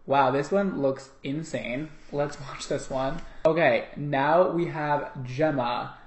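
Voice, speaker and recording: A man who works as a hairdresser, chatting and reacting to videos in an animated, gushing way. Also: mid-range voice. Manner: animated and gushing, quick laughs. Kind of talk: casual reaction commentary. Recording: echoey room with music underneath.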